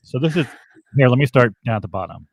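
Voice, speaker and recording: A podcast co-host in casual chat, reading names aloud haltingly with wry asides. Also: mid-range voice, lively intonation, gravelly, husky, no room sound, studio quality.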